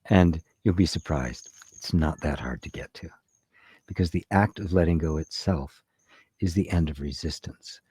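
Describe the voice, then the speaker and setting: A man giving a spiritual talk and answering a live chat in a soft-spoken, conversational way, often asking "right?". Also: extremely low pitch, moderate pace, breathy edge. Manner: conversational, repeats words, says "right?" often. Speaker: spiritual teacher.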